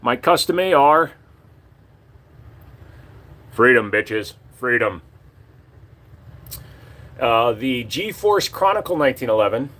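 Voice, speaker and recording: A man's voice: mid-range voice, expressive, slow pace, long pauses, sharp tone. A man hosting a casual live stream, joking crudely and swearing as he shows off his collection and talks to chat.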